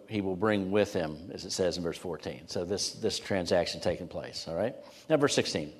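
A middle-aged male pastor giving an expository sermon, stressing key words and pausing between phrases. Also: fairly low pitch, a little mellow. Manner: expository preaching with rising emphasis and pauses. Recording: long hall reverb.

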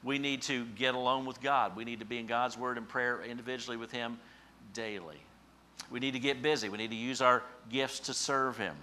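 A man preaching a sermon as pastor, swinging from hushed, slow scripture lines to loud emphatic peaks. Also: medium pitch, steady tone, a little hiss or hum. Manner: emphatic, with dramatic swells and hushed drops; slows down for scripture quotes.

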